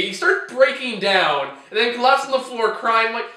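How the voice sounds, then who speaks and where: A man's voice: very high voice, expressive, moderate pace, hardly any pauses, bright, forceful tone, reverberant. A man hosting a casual chat about bad movies, ranting in an exasperated way and laughing often. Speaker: host reviewing movies.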